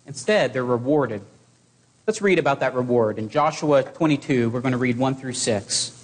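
A man preaching a sermon to his congregation in an earnest, exhorting way, with measured pauses. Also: medium pitch.

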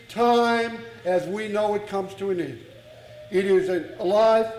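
A man preaching a sermon in a slow, deliberate manner, repeating and stressing his points. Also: high-pitched, a little mellow, reverberant, low-quality recording.

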